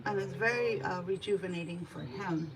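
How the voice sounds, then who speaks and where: A woman's voice: on the low side, normal speed, crowd noise. A woman cat groomer chatting casually and talking to the cat as she works in a grooming salon. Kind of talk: casual chat while grooming. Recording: distant mic with steady background noise.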